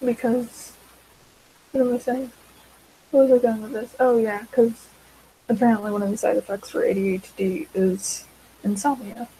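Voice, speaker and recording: A woman's voice: a little high, steady tone, normal speed, pauses often, dark tone, a little hiss or hum, low-quality recording. A teenage girl chatting casually while she draws, rambling with many fillers and side tracks. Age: teens. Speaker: vlogger.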